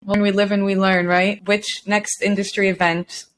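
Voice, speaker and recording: A woman's voice: medium pitch, level tone, normal speed, a bit bright, slight background noise. A woman hosting a podcast interview, answering with brief affirming replies and asking the guest questions. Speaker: podcast host.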